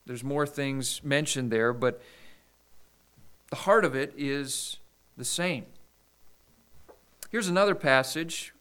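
Man preaching in a clear, smooth voice. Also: mid-range voice, a bit bright. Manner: measured preaching with scripture readings and small restarts. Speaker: pastor. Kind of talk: sermon.

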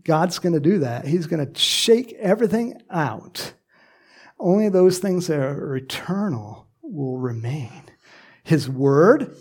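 Male pastor, sermon, fairly high voice, lively, jokes with the congregation. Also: slightly rough. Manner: animated, joking asides with the congregation.

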